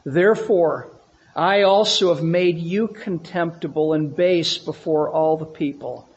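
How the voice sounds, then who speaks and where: In a church sanctuary with his congregation, a male pastor preaches a sermon, repeating phrases for emphasis and posing questions to the room. His voice is fairly high at a measured pace, with lo-fi sound.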